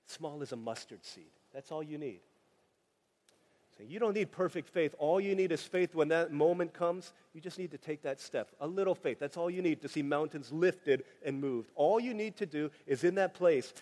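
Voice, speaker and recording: Pastor, male, high voice, animated and jokey sermon delivery, long hall reverb. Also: moderate pace. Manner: animated, joking asides, acts out quoted voices.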